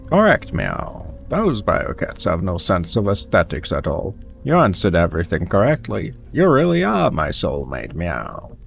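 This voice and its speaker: A vain male cat artist from a video game, dreamy and theatrical, as a man puts him on. He speaks in a gravelly sing-song, slipping meow onto the ends of his lines. Faint music plays behind him. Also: sits low, wildly swooping pitch, measured pace, few pauses, exaggerated voice. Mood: pleased.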